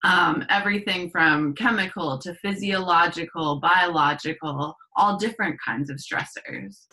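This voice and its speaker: Bright-voiced woman explaining herbal science. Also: fairly low pitch, a little slow, rough recording. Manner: explains step by step, with frequent fillers and self-corrections. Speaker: podcast guest, herbal medicine practitioner. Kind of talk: casual explanatory chat.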